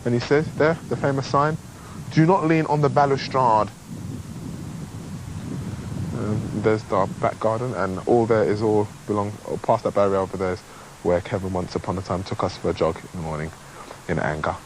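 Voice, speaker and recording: A man's voice: on the low side, brisk. A young man with a chatty, rambling manner gives a casual handheld video tour, recorded on a camcorder mic. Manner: chatty, rambling, playful asides. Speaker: contestant filming a video diary. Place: large house indoors and on a balcony. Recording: faint hiss.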